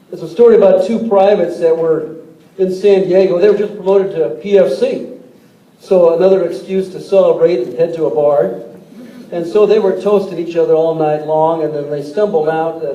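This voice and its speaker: A man's voice: high voice, mellow. Folksy man in his sixties speaking to a crowd. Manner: folksy, tells jokes, repeats words. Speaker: politician giving a speech. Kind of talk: joke-filled stump speech. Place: large hall with an audience. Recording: echoey hall, distant mic, crowd noise.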